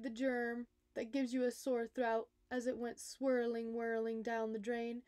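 A woman, a nurse, reading a children's picture book aloud, expressive and speaking directly to young listeners. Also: high voice, measured pace, few pauses, no echo. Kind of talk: storybook read-aloud for children.

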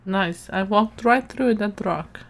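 A woman's voice: mid-range voice, slow pace, gravelly. A woman casually commenting on her own gameplay, chatting and giggling to herself. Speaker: let's play gamer.

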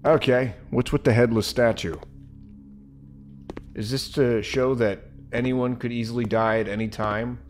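In this let's-play, the male host's medium-pitched voice runs a little slow. He keeps up lively, joking commentary as he plays, with plenty of sarcastic asides.

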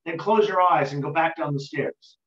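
A man voicing a mysterious unseen spirit who gives calm, measured commands in a told folk tale, recorded roomy and dull. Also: on the high side, close to an everyday voice. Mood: commanding.

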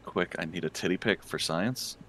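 A man's voice: low voice, normal speed, a bit bright. A young man streaming a game, chatting in a laid-back, teasing way with friends. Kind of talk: casual chat.

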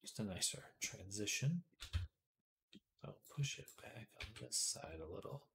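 A man live-streaming, quietly talking himself through 3D modeling work, sometimes dropping to soft whispered asides and getting chattier and amused when he answers chat. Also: lowish voice, lively intonation, unhurried, vocal fry, a little hiss or hum. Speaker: livestreamer. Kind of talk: casual live-stream commentary while 3D modeling.

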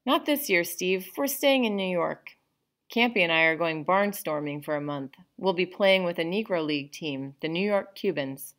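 A woman's voice: lowish voice, expressive, normal speed, fairly bright tone. A woman reading a novel aloud to a class, voicing a kind, friendly grown man who is a neighbor and explains his plans cheerfully.

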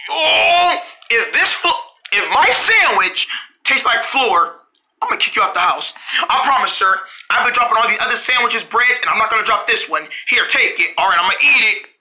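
A very bright voice that swoops high and low as it acts out every part of an improvised toy play. It snaps between bossy orders and whiny protests. It giggles through many of its lines. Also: lively intonation, fairly quick. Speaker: storyteller voicing every character.

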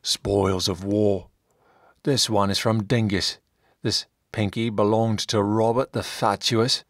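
A brutal rebel chief speaks slowly and flatly about his cruelties, as a male narrator puts him on. His voice sits low and close, with a dry sound. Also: no room sound. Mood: deadpan. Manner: slow, deadpan, matter-of-fact cruelty. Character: brutal former slave chief, cheerfully savage.

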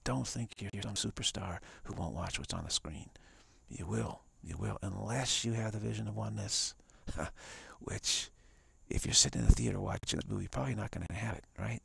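Male spiritual teacher, live-streamed talk: a deep, heavily gravelly voice, emphatic and repetitive, slipping into whispers. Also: fairly quick, dry recording.

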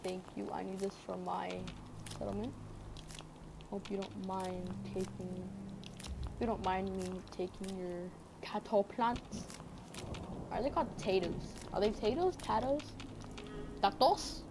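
A woman's voice: mid-range voice, unhurried, creaky, long pauses, music in the background. A woman hosting casual gameplay commentary, goofy, talking to the game and making up silly songs. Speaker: gaming channel host.

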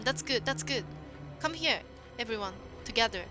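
Animated yet unhurried, the streamer's slightly high voice comes out pushed and bright, with faint music behind. She has a Japanese accent and uses simple non-native English to react to her chat and exclaim at the game as she plays.

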